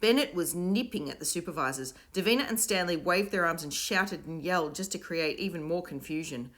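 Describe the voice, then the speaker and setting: Expressive woman reading a children's book. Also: lowish voice, a little fast. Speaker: audiobook reader. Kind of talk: storybook narration.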